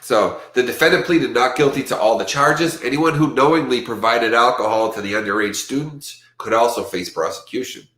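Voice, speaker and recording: A man hosting a casual livestream, rambling and lively when he quotes others, with his allergies acting up. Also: medium pitch, moderate pace, few pauses, reverberant. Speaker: livestream host.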